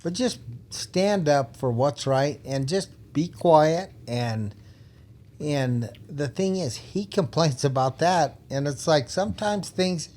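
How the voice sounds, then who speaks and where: A man's voice: a little high, animated, slow pace, a little mellow. Blunt older man telling cop stories. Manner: blunt, laughing, emphatic. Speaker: retired police officer guest. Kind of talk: casual storytelling.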